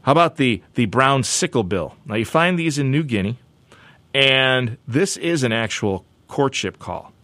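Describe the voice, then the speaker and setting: A man hosting a show segment, joking playfully and talking in a loose, animated way with many restarts and asides. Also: mid-range voice, a little slow, no echo. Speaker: show host.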